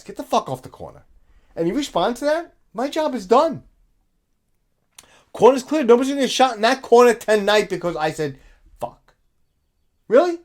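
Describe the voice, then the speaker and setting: A middle-aged man giving blunt, profane reaction commentary in a lecturing tone. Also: very high voice.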